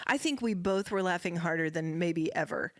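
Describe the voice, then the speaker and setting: A woman's voice: lowish voice, normal speed, dry recording, studio quality. A woman co-hosting a casual podcast chat, laughing and apologizing between remarks. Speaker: podcast co-host.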